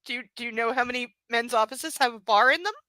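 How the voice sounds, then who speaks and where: A woman's voice: on the high side, fast, sharp tone, no echo. A young adult woman doing a live reading of a book, breaking off into mocking, sarcastic commentary. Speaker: reader and commentator.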